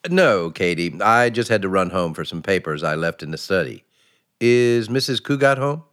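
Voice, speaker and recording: An actor playing a fretful, bumbling husband whose pitch leaps when he gets nervous, in 1940s radio acting style. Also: expressive, moderate pace, a bit bright. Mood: puzzled. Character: fretful middle-class husband, jumpy and bumbling.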